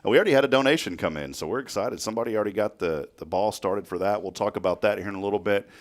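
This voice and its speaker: A man with a somewhat low voice hosts a local morning talk show. He tells loose, rambling stories, stops for fillers and laughs often. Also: very fast. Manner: chatty storyteller, laughs often, many fillers. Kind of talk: casual chat.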